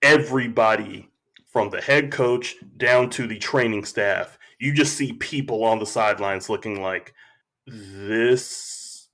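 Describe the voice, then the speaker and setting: A man talking as a podcast guest, telling stories in a slow, reflective way and acting out quotes. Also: on the low side, bright, forceful tone. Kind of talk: casual conversation.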